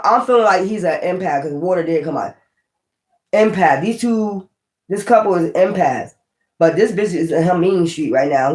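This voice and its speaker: A woman giving a casual tarot reading, blunt and profane, thinking aloud as she goes. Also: fairly low pitch. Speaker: tarot reader. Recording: roomy echo.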